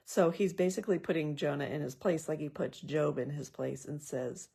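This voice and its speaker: A woman's voice: low-pitched, fairly even intonation, moderate pace, creaky, few pauses, dark tone, slightly rough. A woman leading a casual Bible study. She reads scripture aloud and then talks through it in a thoughtful, conversational way with personal asides. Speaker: Bible journaling teacher.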